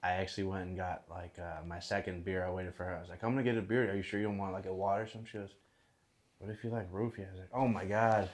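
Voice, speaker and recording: A man's voice: sits low, little pitch movement, rapid-fire. A young man telling a rowdy, profane story as a guest on a casual podcast, laughing often as he goes. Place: podcast studio.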